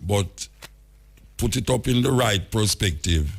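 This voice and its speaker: A man's voice: on the low side, animated, measured pace. A Jamaican man hosting casual talk radio, rambling through anecdotes in patois and chuckling often. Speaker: radio talk show host.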